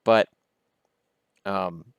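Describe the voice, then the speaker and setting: A man's voice: very slow, no room sound, highs cut off. A Canadian man in his thirties reading hockey notes from an old yearbook and adding sarcastic asides. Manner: sarcastic, adds snide asides to what he reads. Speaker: hockey vlog host.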